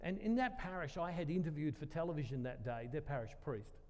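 A man preaching earnestly, his voice sitting somewhat high for a man. He tells a personal story in a sermon and leans on repeated phrases to drive his point home. The sound rings out with the long reverb of a large church. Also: expressive, a little fast, a little mellow.

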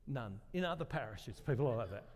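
An older man preaches a sermon in a conversational style, asking the congregation questions and joking at his own expense. His medium-pitched voice is expressive, a little fast, and a little mellow, with a long reverb tail.

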